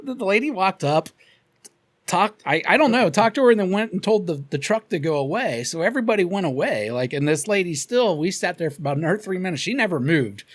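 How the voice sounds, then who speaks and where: Podcast co-host, man, Cincinnati accent, lively profane storyteller, slightly high voice. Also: brisk. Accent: Cincinnati, Ohio. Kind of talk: casual storytelling chat.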